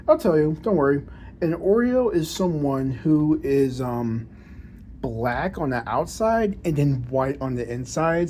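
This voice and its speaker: A man's voice: medium pitch, a little mellow, slight background noise. A man talking casually to camera in a monologue, with proper, careful diction and frequent restarts and repeated words. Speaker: vlogger.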